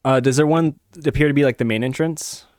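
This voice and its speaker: A man's voice: medium pitch, brisk, a little mellow. A man playing in a tabletop game, asking casual questions. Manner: inquisitive, casual. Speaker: player.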